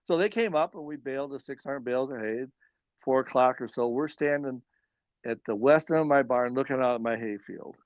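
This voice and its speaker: A man's voice: medium pitch, brisk, no room sound, dull audio. A man from northern Illinois, a farmer and guest, telling a story in a rambling, self-correcting way. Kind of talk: casual storytelling.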